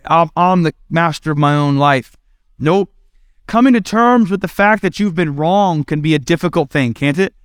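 High, smooth-voiced male preacher. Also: normal speed, no room sound, studio quality. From Indiana, United States. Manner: conversational, self-deprecating, acts out quotes. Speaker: pastor. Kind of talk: sermon.

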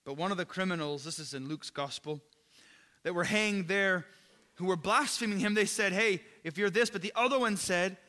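Casual guy preacher, high bright voice, talks to the crowd like friends, big hall echo. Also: moderate pace. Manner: casual, conversational, addresses listeners as "you guys". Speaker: pastor. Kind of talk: sermon.

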